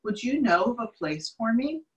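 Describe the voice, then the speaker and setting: A woman reading a children's storybook aloud and voicing a small, shy female hermit crab who asks softly for a new home. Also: a little high, big pitch swings, normal speed, dull audio, voice pushed up. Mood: hopeful.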